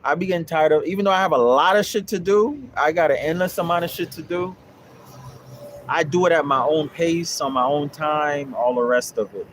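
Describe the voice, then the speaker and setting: The speaker is a young man with a fairly high voice talking at normal speed, and the recording carries a slight hiss or hum. Running a land investing course, he fields viewer questions on a livestream, preaching in a blunt, profane, repetitive way.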